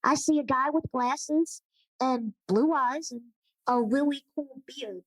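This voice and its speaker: A woman's voice: high-pitched, slow pace, no echo, rough recording. A woman guest on a podcast, chatting casually and often murmuring in agreement. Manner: warm, affirming, with frequent agreeing murmurs. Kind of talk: casual conversation.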